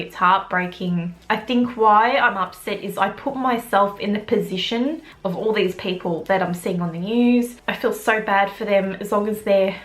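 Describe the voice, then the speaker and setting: A woman's voice: medium pitch, normal speed, hardly any pauses. A young Australian woman talking to camera on her vlog camera, open and emotional, with casual swearing. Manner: candid, emotional, swears freely. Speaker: beauty vlogger.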